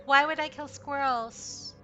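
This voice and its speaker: A woman voicing an eager young male magical puppy who is hungry to fight undead, excitable and boastful. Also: high voice, a little slow, dull audio, music in the background, voice pushed up.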